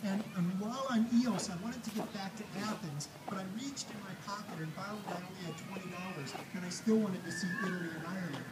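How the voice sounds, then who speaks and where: A man's voice: high voice, a little fast, hardly any pauses. A man telling a personal story on stage with comic timing, acting out the dialogue. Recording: echoey room, heard from a distance, audible noise.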